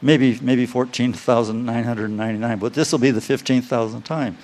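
Man, pastor, sermon, emphatic, repeats key phrases, reads scripture slowly. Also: medium pitch, steady tone, darkish tone.

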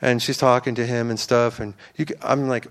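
Man preaching, earnest, rambling, smooth clear voice, mid pitch. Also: little pitch movement, fairly quick. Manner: earnest, rambling, many fillers and restarts. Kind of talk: informal sermon.

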